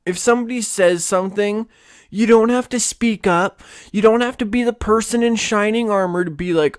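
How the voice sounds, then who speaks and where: A man's voice: sits high, moderate pace, clear, resonant tone, dry recording. Guy ranting solo on his podcast, swears a lot, dry close mic sound. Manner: profane, ranting and animated. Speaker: podcast host. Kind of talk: casual solo monologue.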